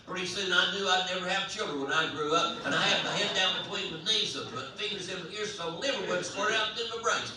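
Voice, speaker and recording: A man telling a comic story aloud at a live event, in an animated, folksy way, heard from far off in a large hall. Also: high voice, fast, few pauses, crowd noise. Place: large hall at a residential campus. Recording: echoey hall, voice from far off, faint hum.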